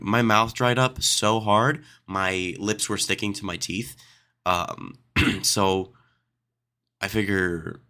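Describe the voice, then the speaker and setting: A man's voice: deep voice, pushed and bright. A young man hosting a casual solo podcast, reading questions aloud and riffing on them with sarcastic asides. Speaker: podcast host.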